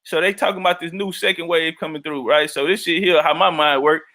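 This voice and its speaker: A man's voice: a little high, steady tone, brisk, sharp tone. A man hosting a casual livestream, rambling profanely and reading chat messages aloud. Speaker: livestream host.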